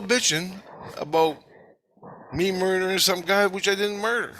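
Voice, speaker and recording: A man's voice: fairly high pitch, normal speed, bright, forceful tone. A man telling a rambling spiritual story to camera, swearing heavily and agitated. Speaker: vlogger. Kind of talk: rambling monologue.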